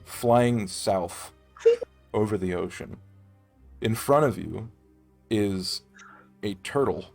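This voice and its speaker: A man's voice: on the low side, slow, gravelly, a little mellow, soft background music. A man narrating casually as game master in a tabletop game, with frequent swearing.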